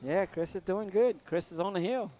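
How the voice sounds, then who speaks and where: A man, casually commentating pool matches on a live stream and giving joking shout-outs to viewers. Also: high voice, moderate pace.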